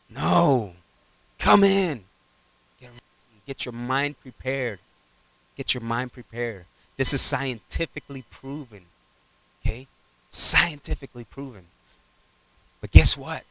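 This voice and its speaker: A man preaching a sermon, swinging from loud exhortation to quiet asides and acting out little dialogues. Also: medium pitch, slow pace, gravelly, long pauses, no echo. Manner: acts out little dialogues in character voices.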